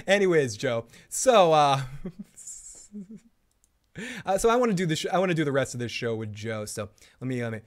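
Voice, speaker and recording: A man's voice: on the high side, lively intonation, normal speed, pauses often. A man hosting a casual livestream chat, rambling and laughing often between remarks. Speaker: host.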